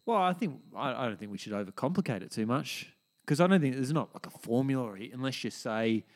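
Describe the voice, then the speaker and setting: A man's voice: medium pitch, animated, quick pace. An Australian man co-hosting a casual chat, easygoing and reassuring. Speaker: podcast co-host.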